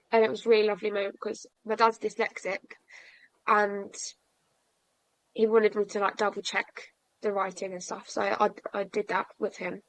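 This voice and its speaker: A woman's voice: a little high, a bit bright, no room sound, poor audio. Chatty young woman, dry mic. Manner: chatty, frank and self-mocking, laughs through sad memories. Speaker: podcast guest. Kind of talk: personal storytelling in conversation.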